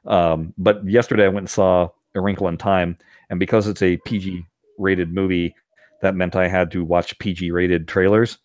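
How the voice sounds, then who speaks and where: A man co-hosting a podcast, chatting casually and retelling scenes with lively put-on voices. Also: low voice, normal speed, dry recording, clean studio sound. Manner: animated storyteller, puts on silly voices when retelling scenes. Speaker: podcast co-host. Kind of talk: casual chat.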